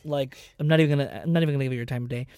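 A man in his twenties hosting a podcast, chatting casually in an animated, dramatic way with plenty of swearing. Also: medium pitch, rapid-fire, no echo, studio quality. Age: 20s. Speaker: podcast host. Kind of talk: casual chat.

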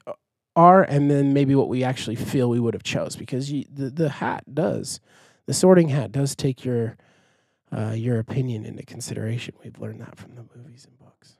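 A man's voice: medium pitch, darkish tone, no echo, studio quality. A young man hosting a podcast, chatting in a rambling, giggly way. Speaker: podcast host. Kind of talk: casual chat.

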